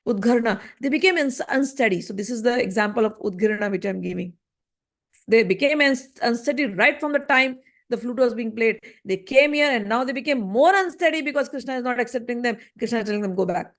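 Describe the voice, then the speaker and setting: A high-voiced woman leads a scripture class. She tells the story with animation and acts out the voices of the people in it.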